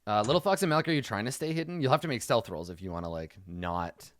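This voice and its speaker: Relaxed man running a tabletop game. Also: fairly low pitch, fast, no room sound, studio quality. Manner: relaxed, casual, with easy laughs. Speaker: game master.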